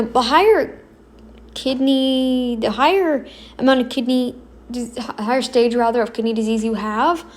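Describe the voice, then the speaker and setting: A woman giving casual reaction commentary, halting and self-correcting, blunt and exasperated in her opinions. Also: sits high. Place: home, kneeling then seated.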